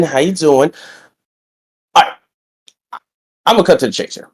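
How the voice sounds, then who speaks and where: A young man giving a boastful, energetic wrestling-style promo, drawing out his greetings and still getting over being sick. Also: medium pitch, moderate pace, long pauses. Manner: boastful, lively, stretches greetings out. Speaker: wrestling roleplayer cutting a promo.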